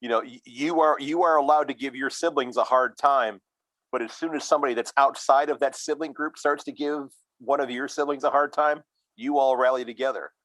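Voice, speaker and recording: A man's voice: medium pitch, fairly even intonation, fairly quick, fairly bright tone, dry recording, poor audio. An American man hosting a podcast interview, talking hesitantly with many restarts. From United States. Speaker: podcast host. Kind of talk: casual interview chat.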